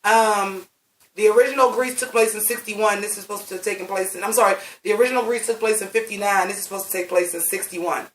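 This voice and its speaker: A reviewer in their late thirties talks through a film in a loose, profane ramble, hitting points with blunt emphasis. The voice sits in the middle of the pitch range. It sounds roomy and off-mic. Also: steady tone, quick pace, fairly bright tone, far from the mic. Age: late 30s. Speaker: movie reviewer. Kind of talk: casual vlog review.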